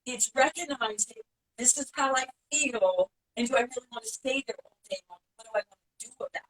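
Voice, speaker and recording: A woman's voice: on the high side, brisk, rough recording. A middle-aged woman hosting a talk show, chatting casually and playfully, acting out quoted voices. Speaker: host. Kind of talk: casual interview chat.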